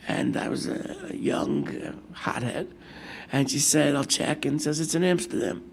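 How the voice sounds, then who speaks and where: Older rabbi with a gravelly voice. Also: male voice, on the high side, normal speed, a little hiss or hum. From United States. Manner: storytelling with lively quoted asides, mixing Hebrew and Yiddish terms. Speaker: rabbi giving a Torah class. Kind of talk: sermon.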